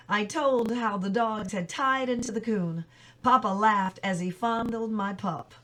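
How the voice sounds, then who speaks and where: A woman reading a novel chapter aloud in plain, steady storytelling, with small slips she corrects as she goes. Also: medium pitch, slow, a little hiss or hum. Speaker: reader.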